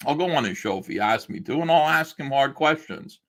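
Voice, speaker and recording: A man's voice: mid-range voice, expressive, a little fast, fairly bright tone. A man hosting a livestream from home, ranting in a sarcastic, mocking, rambling way. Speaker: livestream host. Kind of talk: casual livestream rant.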